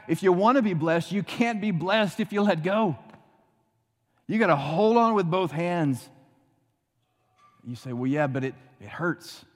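A man preaching a sermon, dramatic, often dropping to a hushed low voice for emphasis. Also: big-room sound. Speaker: pastor.

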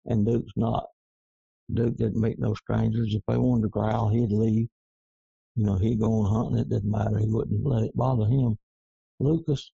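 A man, a coonhound breeder talking slowly and rambling in folksy dialect in a casual interview. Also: mid-range voice, creaky, warm tone, slightly rough, dry recording, highs cut off. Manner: slow, rambling, folksy Southern dialect grammar.

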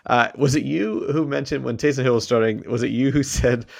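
A man's voice: medium pitch, fairly quick, creaky, a little mellow, no room sound, clean studio sound. A man with a Boston accent co-hosting a casual podcast, laughing often and slipping into upbeat ad reads. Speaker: podcast co-host. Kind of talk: casual sports and movie chat.

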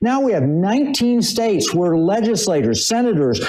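Brief: male guest author, warm and mellow, confident storyteller. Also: high-pitched, sing-song, moderate pace. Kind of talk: interview storytelling. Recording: echoey room.

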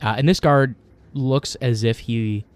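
Speaking at a medium pitch in a smooth voice, a man acts as game master for a tabletop game. His scene descriptions are full of pauses and fillers.

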